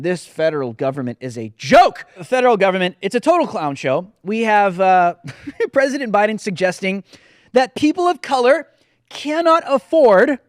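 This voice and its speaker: A man's voice: high-pitched, no echo, clean studio sound. A man hosting a political commentary show, talking in an indignant, sarcastic, emphatic way. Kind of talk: opinionated commentary.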